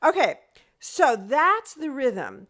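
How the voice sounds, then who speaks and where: A woman's voice: high-pitched, wildly swooping pitch, slow, fairly bright tone. A woman teaching an online group music lesson over a video call. She explains step by step, counts beats aloud and sings rhythm syllables to show them.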